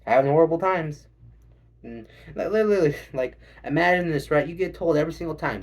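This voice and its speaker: A man doing a stand-up set, rambling and swearing and acting out quick voices. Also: on the high side, expressive. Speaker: stand-up comedian.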